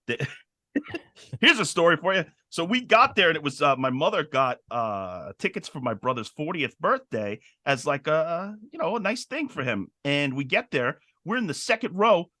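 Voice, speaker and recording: A man co-hosting a podcast, telling stories in an excitable, animated casual chat. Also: a little high, moderate pace, dry recording, studio quality. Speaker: podcast co-host.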